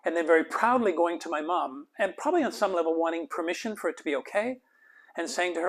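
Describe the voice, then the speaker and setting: Male host, slightly higher voice, heartfelt reflective storytelling, drifts into soft near-whispers. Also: quick pace. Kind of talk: personal storytelling monologue.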